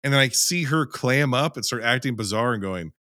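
A man co-hosting a casual film podcast, talking in a loose, animated way, swearing and acting out scenes as he argues his view. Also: medium pitch, fairly quick, no echo, studio quality. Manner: animated, profane, acts out scenes in quotes. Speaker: podcast co-host.

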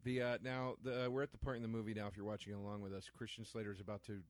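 A man's voice: on the low side, little pitch movement, racing. A man co-hosting a casual film commentary podcast, enthusiastic, playful and emphatic. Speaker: podcast co-host.

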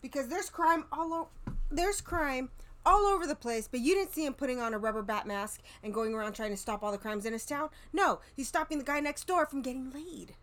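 A woman's voice: sits high, animated, fairly quick, fairly bright tone. A woman in casual chat, adding wry, sarcastic comments.

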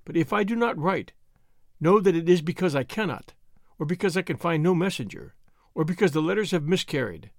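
A man's voice: on the high side, lively intonation, a little fast, no echo. Young woman pledging loyalty, earnest and solemn, read by a man, dry booth sound. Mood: tender. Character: devoted young woman, tender and resolute.

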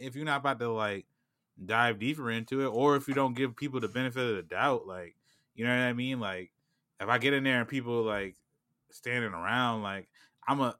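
A man in casual chat, laid-back and profane, reacting quickly to a story. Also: medium pitch, a bit bright, dry recording, studio quality.

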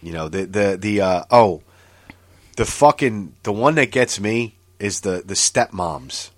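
A man with a lowish voice talks a little slowly, with no room sound. As a podcast co-host in a casual chat, he tells animated stories full of swearing, frequent laughter and outbursts of disbelief.

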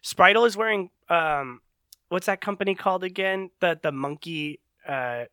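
A man's voice: high-pitched, moderate pace, bright, forceful tone, clean tone, dry recording, clean studio sound. A man hosting a casual movie-review chat, sarcastic and laughing, often mimicking characters.

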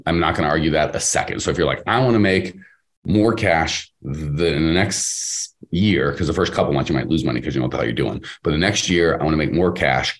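This is a man talking business on a podcast, quick and punchy, his low voice swinging up and down as he argues his point. He acts out the other people in his stories as he goes. It is loose, emphatic conversation rather than a prepared speech. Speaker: podcast host and business coach. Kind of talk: casual podcast advice.

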